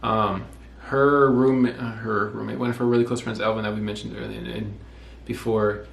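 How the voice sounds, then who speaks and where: A vlogger in his twenties casually describes how he got engaged to his wife, wandering off track, correcting himself, and quoting himself often. His voice is lowish with vocal fry, fairly monotone, and at a moderate pace. Faint noise and echo fill the room.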